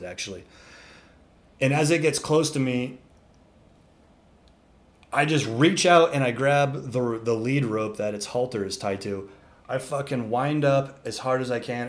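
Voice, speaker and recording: Man telling a wild story casually. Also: medium pitch. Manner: animated, swearing, acting out animals. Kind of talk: casual podcast chat.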